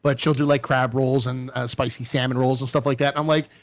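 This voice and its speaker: A middle-aged man telling a story in relaxed conversation. He talks in an animated way and jumps up in pitch whenever he plays other people's lines. His voice sits in a middle register, recorded dry with little room sound. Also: fast, dry recording. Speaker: podcast guest. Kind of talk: casual storytelling.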